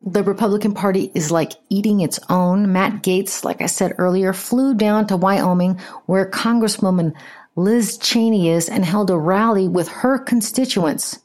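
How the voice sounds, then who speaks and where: A woman's voice: mid-range voice, normal speed. Sarcastic, swearing woman podcast host. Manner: sarcastic, profane, animated. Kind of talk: casual political commentary.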